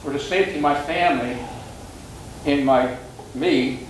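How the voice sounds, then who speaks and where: An older man, a police sergeant, talks to a club audience. He retells old exchanges with judges and attorneys, acting out each of their voices. His voice sits a little high, and the room gives it a clear echo. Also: moderate pace, a little hiss or hum. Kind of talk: anecdotal storytelling talk. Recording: echoey room.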